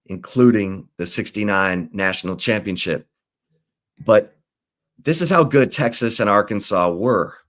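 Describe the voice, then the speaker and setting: A man hosting a sports talk show, telling football history in a relaxed, rambling way with fillers and restarts. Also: on the low side. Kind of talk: casual sports talk and storytelling.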